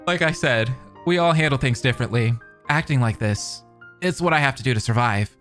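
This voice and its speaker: A man reading the part of a composed teenage boy aloud from a visual novel, calm and measured. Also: medium pitch, faint music behind, lightly acted.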